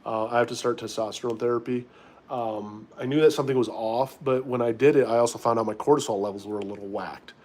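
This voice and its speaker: A man's voice: mid-range voice, steady tone, fast, darkish tone. Casual man answering live-stream chat. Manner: reads viewer questions aloud and answers offhand. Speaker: livestreamer in recovery.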